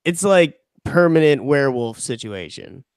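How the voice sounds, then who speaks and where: A man's voice: fairly high pitch, expressive, normal speed, clean tone, dry recording, studio quality. A man co-hosting a podcast in casual chat, teasing and laughing often. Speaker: podcast co-host.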